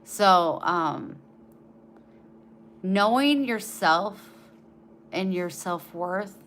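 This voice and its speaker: A woman vlogger in a casual home video, talking tenderly with frequent pauses and running short of breath. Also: medium pitch, expressive, a bit bright, slight background noise. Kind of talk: casual home vlog, talking to her dogs and giving heartfelt advice.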